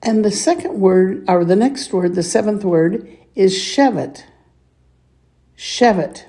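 A woman's voice: medium pitch, warm tone. A woman teaching a reading lesson, patiently sounding out words and asking the listener to repeat them. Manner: patient, clears throat often, sounds words out slowly. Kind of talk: slow reading lesson with repeat-after-me drills.

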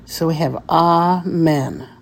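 A woman teaching a vocabulary lesson, deliberately spelling out each word and repeating it for practice. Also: deep voice, vocal fry. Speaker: Hebrew teacher.

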